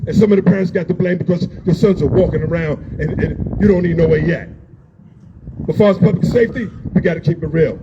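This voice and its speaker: A man's voice: on the high side, fast. A man giving an emotional, blunt speech at an outdoor street rally, repeating his points and raising his voice. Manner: emotional, yelling, blunt and repetitive. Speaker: rally speaker. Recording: dull lo-fi sound with faint noise.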